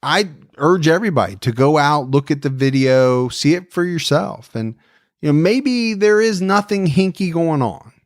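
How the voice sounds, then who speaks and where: A man's voice: on the high side, expressive, moderate pace, no room sound, studio quality. A man hosting a true crime podcast, chatting in a conversational, emphatic way. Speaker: podcast host. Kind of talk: casual chat.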